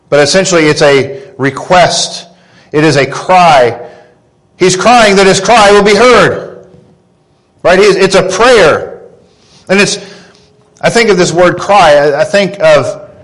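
A man in his thirties preaching a sermon, earnest and deliberate, rising in pitch when he quotes scripture. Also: poor audio. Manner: slow, earnest preaching with emphatic rises on quotes. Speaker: pastor.

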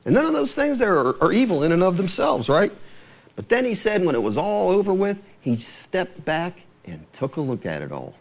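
A man preaching a sermon, quoting scripture with lively, rising emphasis. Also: sits high, moderate pace, creaky.

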